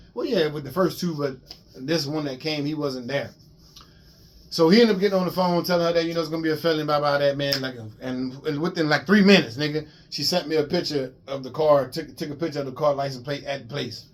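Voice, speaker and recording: A man casually telling a long personal story to his viewers in an animated, profane way, with lots of repeats and restarts. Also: on the high side. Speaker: vlogger.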